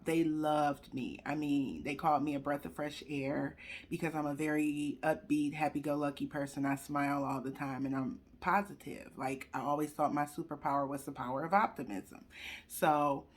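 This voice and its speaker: A young woman talking to viewers at her computer, telling a personal story while trying not to cry. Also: sits low. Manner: chatty, addresses viewers directly; fighting back tears. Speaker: vlogger sharing a personal story. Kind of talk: emotional personal testimony. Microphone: computer webcam.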